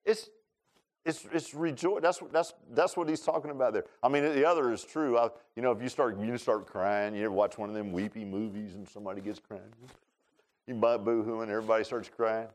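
In a church sanctuary, a pastor with a voice on the low side preaches briskly. His sermon is folksy and animated, full of laughter, jokes with the congregation and people called out by name.

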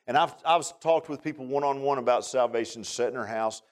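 A male pastor preaching a sermon in a folksy, excitable way that builds to loud, impassioned passages. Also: mid-range voice, fairly quick.

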